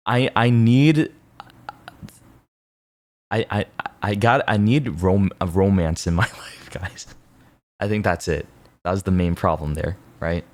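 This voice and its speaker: Deep-voiced young man rambling to his chat. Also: animated, a little slow, no echo. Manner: rambling, laughing, self-mocking, lots of fillers. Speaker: streamer. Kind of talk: casual chat with chat viewers.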